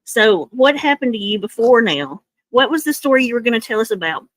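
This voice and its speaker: A woman's voice: on the high side, animated, a bit bright. A woman on a live-stream panel who talks in a conciliatory way and keeps pushing the conversation to move on. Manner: brisk, conciliatory, pushes to move on. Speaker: panel member.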